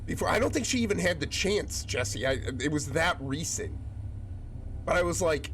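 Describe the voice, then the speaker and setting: A man's voice: a little high, lively intonation, moderate pace, fairly bright tone, slight background noise. A man streaming a game, joking and greeting viewers by name, while getting over a chest cold that makes him cough. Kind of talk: casual chat with viewers while gaming.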